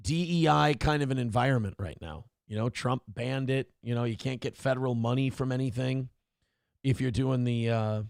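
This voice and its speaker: A man's voice: on the high side, vocal fry, no echo, clean studio sound. A man hosting a live morning show, joking, swearing freely and reading viewer messages aloud. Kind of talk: casual live-stream talk.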